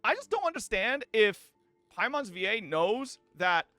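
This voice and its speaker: A male streamer rants to his chat in a high, bouncy voice that swings all over. He is profane and quick to laugh, and his tone is bright and forceful. Faint music plays underneath. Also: dry recording. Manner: animated, profane, laughs often, addresses chat. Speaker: streamer reacting to clips. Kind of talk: casual live-stream commentary.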